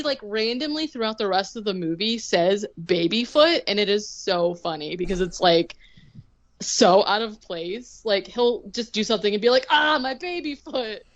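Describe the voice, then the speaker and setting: A woman's voice: mid-range voice, dry recording, muffled recording. A woman co-hosting a podcast, chatting casually as she recaps a film, laughing often and acting out quotes. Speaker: podcast co-host.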